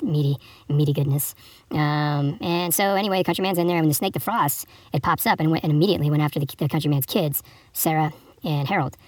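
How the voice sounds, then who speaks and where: Man, podcast host, crude improvised comedy storytelling, rambling, profane, quick pace, dry close sound. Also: fairly high pitch, darkish tone, dry recording. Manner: reads a fable aloud with jokey asides.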